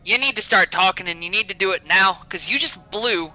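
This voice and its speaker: A man acts out a hard-edged wizard agent who barks demands at a captive in a tabletop game. His voice is bright, high-pitched and cutting. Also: a little fast, soft background music, poor audio. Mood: threatening. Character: gruff male wizard agent, threatening prisoner.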